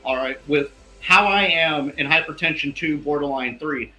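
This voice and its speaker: A man's voice: a little high, moderate pace, sharp tone. A man speaking as an investigative guest in a heated interview, emphatic and peppering his points with "all right". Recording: echoey room with faint music.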